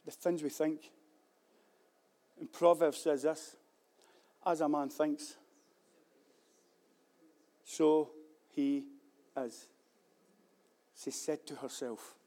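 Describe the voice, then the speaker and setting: A preacher with a notably high voice delivers a sermon. He swings between loud, fervent declarations and quieter, reflective passages, and he repeats his key phrases for emphasis. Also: fairly even intonation, drawn-out words, pauses often. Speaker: pastor.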